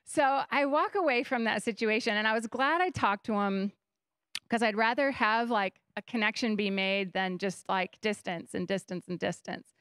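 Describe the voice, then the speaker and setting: This is a young woman, a guest pastor on a church stage, preaching in a conversational way as she tells lively stories and acts out what she was thinking. Her mid-range voice moves at a normal speed and sounds a bit bright, clear and resonant, captured in studio quality with no room sound.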